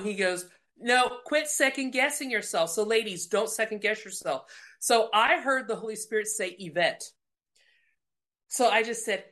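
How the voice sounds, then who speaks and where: A woman telling a lively faith testimony, laughing and acting out the voices in her story. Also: mid-range voice, moderate pace. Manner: animated, laughing, acts out dialogue. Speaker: guest speaker. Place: lounge at home.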